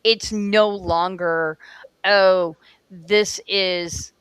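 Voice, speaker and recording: A woman host who speaks slowly and smoothly, nudging her guest along with warm murmurs of agreement. Her voice is clean and dry, close to the mic. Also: medium pitch, fairly even intonation, no echo. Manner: encouraging, lots of affirming murmurs. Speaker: interview host. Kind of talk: casual interview chat.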